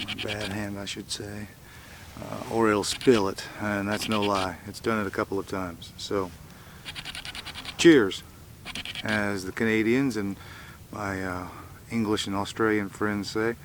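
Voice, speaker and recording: A man's voice: lowish voice, little pitch movement, measured pace, distant mic. Middle-aged guy rambling on his camping vlog, um and uh a lot, noisy camera audio, clicky. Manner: rambling, many fillers and restarts. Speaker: vlogger. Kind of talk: casual solo camping vlog. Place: outdoor campsite. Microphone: camera mic.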